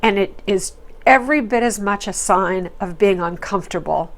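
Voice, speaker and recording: A woman with a mid-range voice speaks at a normal pace, hosting a reality TV recap. Her commentary is casual, chatty and opinionated, full of fillers and quoted asides.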